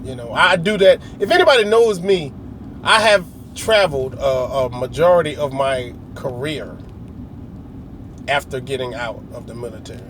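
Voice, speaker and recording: A man's voice: mid-range voice, lively intonation, moderate pace, a bit bright, slight background noise. A middle-aged man telling a long, rambling story in a casual, slangy way, often acting out other people's lines. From United States. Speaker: vlogger.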